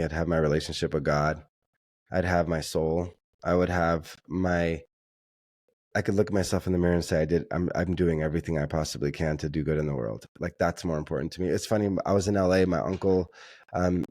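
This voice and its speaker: A man's voice: sits low, steady tone, fairly quick, darkish tone, no room sound. A man speaking earnestly and reflectively as an interview guest, often repeating himself as he works through his thoughts.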